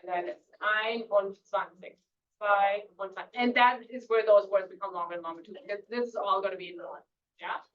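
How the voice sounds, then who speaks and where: A woman's voice: medium pitch, fairly even intonation, a little fast, roomy sound. A woman teaching a beginner language class, patiently repeating words and using lots of fillers. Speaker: German teacher. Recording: distant mic, dull lo-fi classroom recording.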